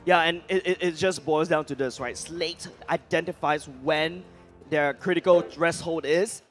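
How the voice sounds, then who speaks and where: A man with a Singaporean English accent calling a mobile game match, shouting with excitement during the fights. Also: a little high, unhurried, faint music behind. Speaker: esports caster. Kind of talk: play-by-play commentary.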